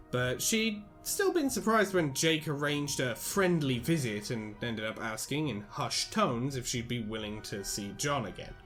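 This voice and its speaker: A young man hosting a casual podcast, chatting and reading narration aloud. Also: mid-range voice. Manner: relaxed, swears casually.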